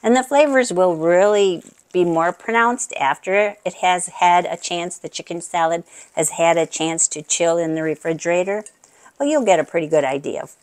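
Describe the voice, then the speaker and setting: A woman's voice: fairly low pitch, a little mellow. Chatty woman demonstrating a home recipe. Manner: chatty, talks straight to viewers; savoring, with appreciative murmurs. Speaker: cooking channel host. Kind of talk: casual cooking demonstration.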